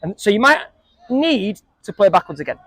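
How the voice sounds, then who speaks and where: A man's voice: sits high, sing-song, normal speed, bright, forceful tone, dry recording. A man coaching a group of young football players, asking them questions and joking with them. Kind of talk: coaching talk to a group of kids.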